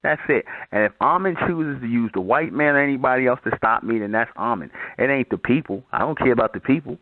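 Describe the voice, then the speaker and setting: This call-in channel host talks fast in a mid-range voice, bluntly and with profanity, as he repeatedly drives his points home to a caller. There's no echo, though the audio sounds tinny and phone-like.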